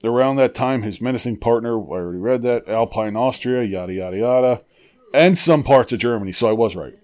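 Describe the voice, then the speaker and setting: A man's voice: medium pitch, brisk, darkish tone. A man co-hosting a casual podcast, reading an article aloud while joking and laughing through it. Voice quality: profane, joking asides. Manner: giggly, laughs through his reading and breaks off often. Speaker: podcast co-host.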